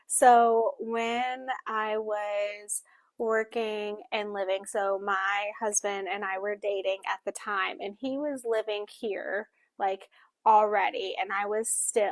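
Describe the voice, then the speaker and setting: A woman co-hosts a casual book discussion, speaking while she signs and voicing for a co-host who signs. She talks haltingly and corrects herself, in a mid-range voice with no echo.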